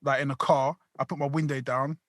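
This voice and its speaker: A man telling animated, sweary stories in a casual podcast chat. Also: medium pitch, fairly quick, dry recording, studio quality. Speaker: podcast co-host.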